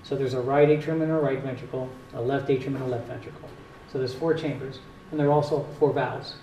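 A man's voice: medium pitch, steady tone, fast talker, dark tone. A man with a Northern US accent, a cardiologist, patiently explaining heart health to an audience with a few dry jokes. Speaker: cardiologist giving a talk. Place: community hall at a retirement home. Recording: echoey hall, distant mic, faint hiss.

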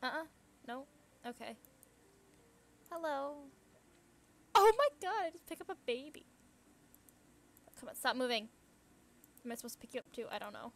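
A young woman gamer thinks out loud during a casual let's play of a puzzle game, chatting and gasping or squealing at what happens on screen. Her voice is a little high and fairly bright, at normal speed with frequent pauses, over slight background noise.

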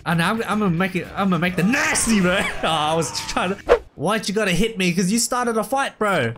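A man giving casual, excitable gameplay commentary, full of slang and shouts at the game. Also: sits high, fairly quick. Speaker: let's play gamer. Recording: loud game music underneath. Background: game music.

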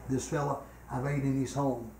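An older man preaching a revival sermon in a church, swinging between loud, emphatic exhortation and quiet personal storytelling. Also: mid-range voice, flat delivery, normal speed, slight background noise. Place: church sanctuary. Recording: echoey church room.

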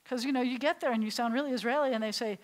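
A middle-aged woman rabbi rattles off a rapid-fire classroom lecture to adult beginners studying Hebrew in a synagogue, with stories and questions for the class. Her voice sits on the high side, and the recording is low quality.

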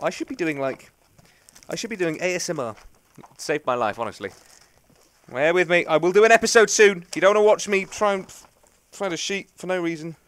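A man's voice: a little high, fairly bright tone, no echo. A young man, rambling and joking through casual let's play commentary. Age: young adult. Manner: rambling, chatty, jokey. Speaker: gaming commentator.

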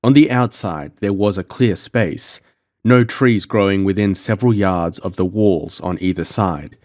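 Low-voiced man narrating an audiobook. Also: a little mellow. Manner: measured storytelling. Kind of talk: scripted first-person narration.

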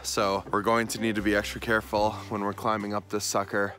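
A man's voice: lowish voice, little pitch movement, brisk, pushed and bright. A man hosting a vlog with a groggy morning voice, explaining the day's work plainly outdoors on a farm. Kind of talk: casual vlog narration. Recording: noisy outdoor camera audio. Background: clear background noise.

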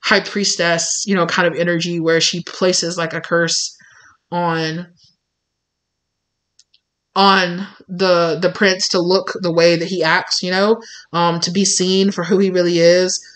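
A woman's voice: on the low side, level tone, unhurried, fairly bright tone, low-quality recording. A woman giving a casual spoken tarot reading to her viewers, rambling with many filler words and acting out quoted voices. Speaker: tarot reader.

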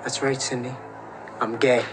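An actor playing a smug teenage boyfriend in a comedy film, with a breezy, matter-of-fact delivery. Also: male voice, medium pitch, little pitch movement, unhurried, over music, close to an everyday voice.

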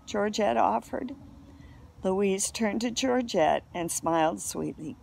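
A woman reads a children's novel aloud at a slow, steady pace. Her voice has a gravelly, creaky texture and an unhurried narrating manner. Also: medium pitch. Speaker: reader.

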